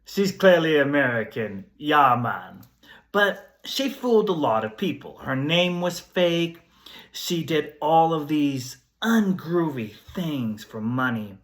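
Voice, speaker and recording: A storyteller host with a laid-back hippie persona and groovy slang, telling a story in a casual vlog. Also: medium pitch.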